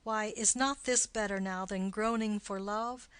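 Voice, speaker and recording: A woman's voice: mid-range voice, steady tone, fairly bright tone, clean tone, no echo, natural voice. A woman reading the part of a witty, mocking young nobleman in an audiobook of a play. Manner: quick, punning banter.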